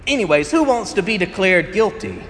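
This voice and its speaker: A man's voice: high-pitched, big pitch swings, moderate pace, a bit bright. A pastor giving a conversational sermon, a man who tells stories and laughs often as he preaches. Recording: echoey hall with faint ambience.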